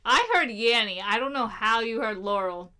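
A woman's voice: a little high, moderate pace, pushed and bright, clean tone. A young woman in casual, jokey chat with a friend, often laughing and teasing herself, with a slightly nasal voice. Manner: giggly, jokey, self-deprecating.

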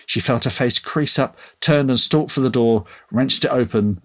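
A man reading his own story aloud in an expressive audiobook style, then chatting casually. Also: mid-range voice, moderate pace.

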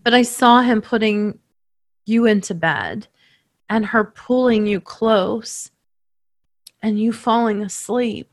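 A woman working as a medium, tenderly recounting a reading to the person she read for, emotional and halting. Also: medium pitch, no room sound, studio quality.

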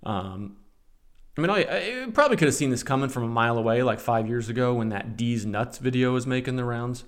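A man's voice: medium pitch, animated, a little fast. A man in his forties hosting a casual solo podcast, reading out comments and adding sarcastic commentary. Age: 40s. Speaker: podcast host.

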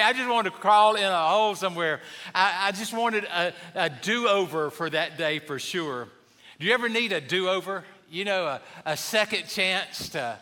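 A man's voice: high voice, bright, forceful tone, in a large hall. A male pastor preaching a sermon in a church, telling stories in a conversational, humorous way. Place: church sanctuary.

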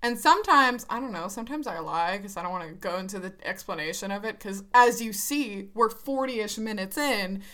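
Bright-voiced woman chatting frankly. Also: mid-range voice, expressive, fairly quick, hardly any pauses. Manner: chatty, frank, laughs often. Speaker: podcast co-host. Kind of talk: casual chat.

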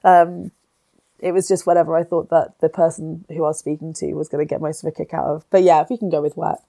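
A woman's voice: deep voice, little pitch movement, quick pace, vocal fry, warm tone. Giggly woman with a stuffy nose. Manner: giggly, self-deprecating. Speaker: podcast co-host. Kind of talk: casual chat.

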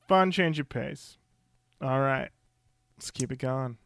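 A man's voice: mid-range voice, takes it slowly, creaky, no echo, studio quality. A man hosting a podcast, chatting casually and steering the talk from one co-host to the next. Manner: chatty, steers the discussion and hands off to co-hosts. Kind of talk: casual chat.

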